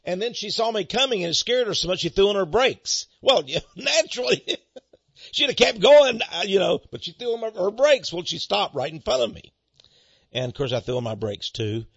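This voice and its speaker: Husky, lively male preacher. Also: high-pitched, normal speed, dry recording. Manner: folksy storytelling, animated. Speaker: pastor and ministry head. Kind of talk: radio sermon monologue. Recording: dull lo-fi dry recording.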